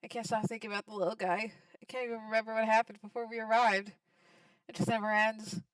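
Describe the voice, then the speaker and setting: A woman voicing a large, gentle man who is grieving, speaking softly and quietly. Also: on the high side, flat delivery, fast talker, no echo, far from the mic, natural voice, poor audio. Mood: sad.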